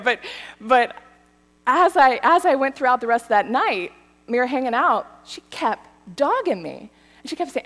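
A woman in her thirties giving a sermon, telling a story with lively, animated delivery. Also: high voice, moderate pace. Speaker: church speaker. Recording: hall reverb.

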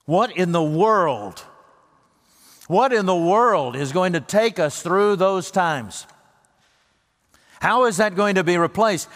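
A man preaching a sermon as pastor, earnest and emphatic, slowing down and lifting his voice for the words he quotes. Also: high voice, fairly bright tone, long reverb tail.

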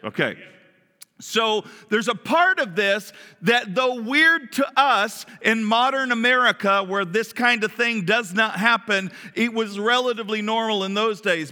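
A man preaching a sermon as pastor, animated and often asking his listeners questions. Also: high voice, big-room sound. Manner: animated, asks the congregation questions.

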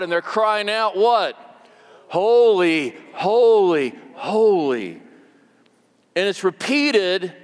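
A man's voice: high voice, fairly bright tone, in a large hall. A man preaching a sermon as pastor, conversational and repeating words for emphasis.

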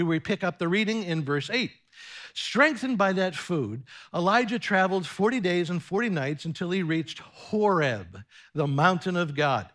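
A man preaching a sermon in a high, bright voice. He speaks slowly and earnestly and leans on each phrase, with the odd filler and restart. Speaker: pastor.

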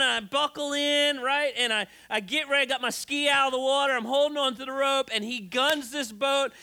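A man's voice: very high voice, normal speed, sharp tone, clean tone. A male pastor giving a conversational sermon, telling stories with many fillers and restarts.

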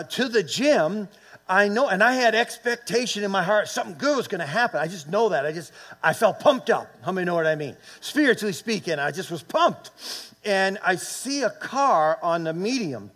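A man's voice: sits high, a bit bright. A man in his late fifties or older preaching a sermon, telling a personal story and calling on the congregation to respond. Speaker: pastor.

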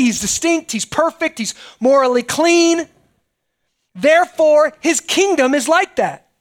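Middle-aged male pastor, very high voice, chatty preaching with "right?" asides. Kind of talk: sermon.

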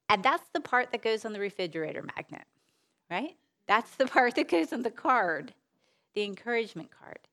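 A woman giving a sermon-style Bible talk in an earnest way, repeating phrases for emphasis, asking rhetorical questions and letting her sentences trail off softly. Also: fairly high pitch, very animated. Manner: unhurried, with soft trailing phrase endings. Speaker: speaker at a women's Bible teaching session.

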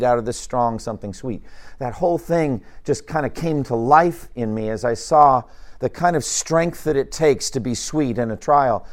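A man's voice: mid-range voice, darkish tone. Man teaching a conversational sermon. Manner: informal, musing asides with restarts. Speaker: Bible teacher.

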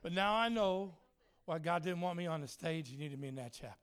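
A man's voice: fairly high pitch, brisk, smooth. A man preaching a humorous sermon, telling stories with lots of laughter and playing out other people's voices. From Germany. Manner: jokey, animated, laughs a lot, acts out voices. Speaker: traveling preacher and worship leader.

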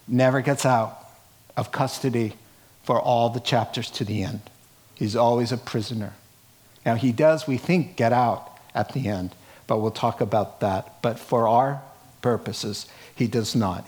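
A man preaching a sermon, telling a scripture story in an animated way with chuckling asides and acted-out quotes. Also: mid-range voice. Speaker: pastor.

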